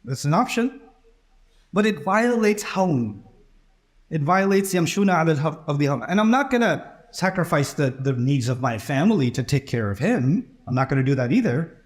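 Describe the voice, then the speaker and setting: A man's voice: on the high side, darkish tone. A man preaching a sermon in a conversational way, acting out the people in his stories. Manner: conversational, acts out quoted dialogue.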